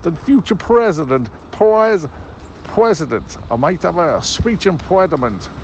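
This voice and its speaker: A man's voice: on the high side, big pitch swings, a little slow, a little hiss or hum. A man putting on a bumbling would-be president. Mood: pompous. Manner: stumbling over words. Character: self-styled future president man, bumbling.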